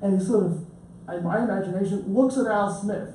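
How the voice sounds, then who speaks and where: Talking about his book to a lecture-room audience, a man mixes jokes, stories and chatty asides, frequently restarting himself. He has a high-pitched, dark-toned voice and a fairly quick pace. The audio is roomy, taken from a distant mic with faint ambience and a little hiss or hum.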